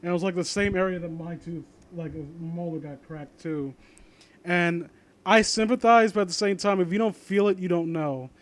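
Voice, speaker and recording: A young man reads a story out loud in a casual way, then keeps stopping to make sarcastic jokes about it. His voice sits fairly high and he often trails off. He sounds like he is just chatting to an audience. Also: normal speed. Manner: rambling, sarcastic asides, trails off. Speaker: commentator reading and mocking fan fiction. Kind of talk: casual reading and commentary.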